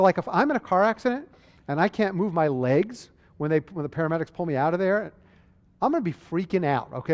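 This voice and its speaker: A man giving a conversational, animated medical lecture, acting out exchanges with patients. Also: on the high side, long reverb tail.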